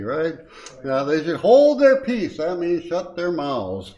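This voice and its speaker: The voice sits high with wildly swooping pitch, a slightly slow pace, and a darkish tone, captured on poor audio. It's an older lay speaker giving a short, informal Bible study devotion, folksy and chuckling, peppered with uh's and um's, stressing scripture more strongly.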